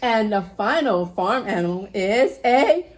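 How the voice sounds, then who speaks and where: A woman's voice: medium pitch, animated, unhurried. A woman hosting a children's video, teaching in a playful, sing-song way. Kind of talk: preschool teaching. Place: homestead.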